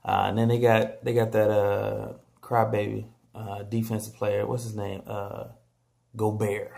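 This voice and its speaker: A man talking casually about basketball standings on his vlog, animated and joking, trash-talking teams and players. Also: lowish voice, a little slow, creaky. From San Antonio, Texas. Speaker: vlogger.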